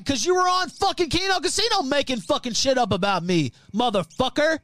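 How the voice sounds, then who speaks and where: A man's voice: extremely high pitch, big pitch swings, brisk, hardly any pauses, fairly bright tone, dry recording. A man hosting a livestream, delivering a profane, threatening, heated rant. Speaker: livestream host.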